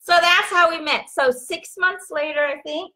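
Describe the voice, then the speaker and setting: Bright-voiced woman telling a story. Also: very high voice, moderate pace. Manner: animated, laughs often. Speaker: vlog host. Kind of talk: casual live chat storytelling.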